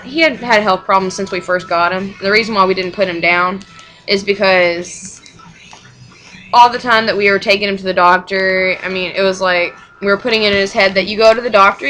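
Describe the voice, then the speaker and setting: A woman's voice: mid-range voice, bright, forceful tone, low-quality recording. A young mother telling a personal story in casual chat, rambling and frank, with swearing and short laughs.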